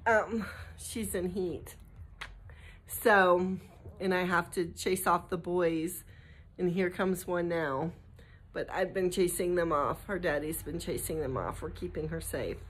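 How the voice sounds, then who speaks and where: Speaking slowly in a low, steady voice with a breathy edge, a middle-aged American woman chats to camera in her vlog. Her talk wanders, with restarts and breaks to address her dog.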